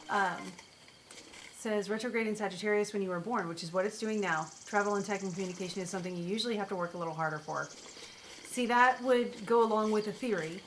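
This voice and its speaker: A woman's voice: medium pitch, background noise. A woman streaming a video game, chatting casually as she plays and talking to the creatures on screen and to her chat. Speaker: streamer and astrologer. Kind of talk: casual gameplay commentary.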